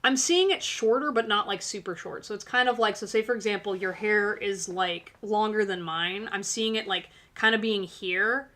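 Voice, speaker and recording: Woman, tarot reader host, chatty and encouraging, bright voice. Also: medium pitch, moderate pace, hardly any pauses. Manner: chatty, filler-heavy, encouraging. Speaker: tarot reader hosting a live stream. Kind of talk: casual live-stream tarot reading.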